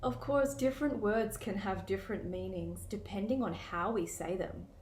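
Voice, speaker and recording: A woman teaching an English lesson, speaking in a clear, deliberate way and demonstrating different tones of voice. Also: mid-range voice, darkish tone, a little hiss or hum. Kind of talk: scripted lesson narration.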